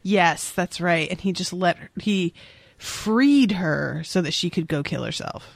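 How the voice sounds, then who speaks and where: A woman's voice: fairly low pitch, creaky, dry recording. A woman co-hosting a casual podcast chat about a book, sarcastic and profane. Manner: sarcastic and profane, quick asides. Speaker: podcast co-host.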